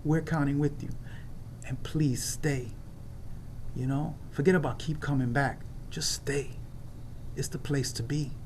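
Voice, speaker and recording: A man's voice: fairly high pitch, steady tone, measured pace, long pauses, slight background noise. Earnest man sharing at a recovery meeting. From New York. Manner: earnest, emphatic, repeats phrases. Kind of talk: personal recovery share at an online meeting. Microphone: video call.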